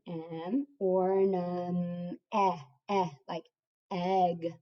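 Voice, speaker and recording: A woman's voice: on the low side, little pitch movement, extremely slow, recorded from a distance. A young woman teaching a kindergarten writing lesson, sounding words out syllable by syllable. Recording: dull lo-fi recording.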